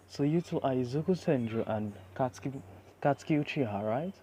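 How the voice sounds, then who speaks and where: A man's voice: mid-range voice, expressive, brisk, warm tone, slight background noise, close to an everyday voice. A man voicing a cheerful small animal school principal in an amateur spoken story.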